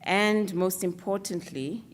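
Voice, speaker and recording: Slow, earnest woman giving a speech. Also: medium pitch, a little hiss or hum. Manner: measured, earnest, with fillers. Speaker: speaker presenting an alliance against stereotypes. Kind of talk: formal speech at an awards event.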